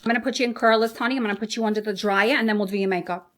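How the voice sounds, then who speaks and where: A woman's voice: medium pitch, steady tone, rapid-fire, pitched above the performer's own voice, natural voice. A woman playing a chatty hairdresser who fusses over a client and calls everyone honey, in a comedy sketch. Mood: fussing.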